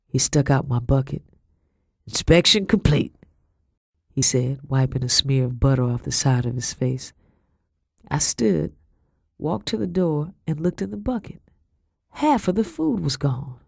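A woman reading a first-person story aloud in a measured, grave way. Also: sits low, creaky, darkish tone, husky, dry recording, clean studio sound. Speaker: audiobook narrator.

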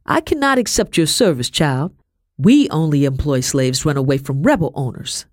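A woman's voice: sits low, expressive, moderate pace, darkish tone, dry recording. A stern, formal male army captain , voiced by a woman reader gives orders in short, clipped sentences. The voice sits close to the mic with no room sound.

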